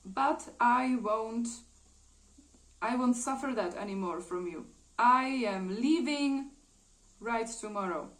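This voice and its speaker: A woman's voice: a little high, slow, poor audio. A woman reading out an indignant young woman. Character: young woman fed up with jealous partner.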